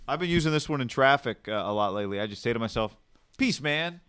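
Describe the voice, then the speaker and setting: A man's voice: mid-range voice, animated, very fast, fairly bright tone, smooth. A man co-hosting a casual podcast chat, easygoing, who acts out quotes with big jumps in his voice.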